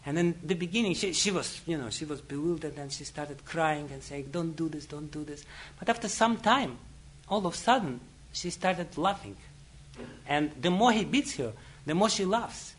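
Guy teaching through a story, chuckles a lot, says "you know" constantly, slightly high voice. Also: expressive, moderate pace, a bit bright, a little hiss or hum. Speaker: spiritual teacher. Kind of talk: storytelling lecture.

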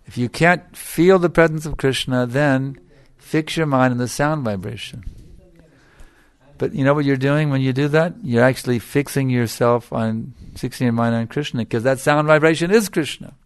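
A middle-aged man with a gravelly, creaky voice, giving an emphatic devotional lecture. He repeats his phrases for stress, and the recording is close and dry. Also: medium pitch, normal speed, dry recording. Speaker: spiritual teacher.

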